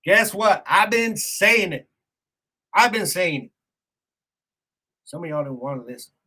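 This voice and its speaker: A man hosting a casual sports podcast monologue, animated and ranting, laughing at his own jokes. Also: high voice, a little slow. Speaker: podcast host.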